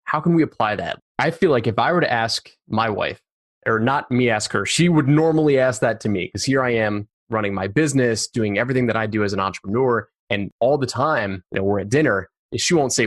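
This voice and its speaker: A man's voice: medium pitch, fairly quick. A man hosting a podcast interview, asking reflective questions and affirming his guest. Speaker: podcast host, entrepreneur.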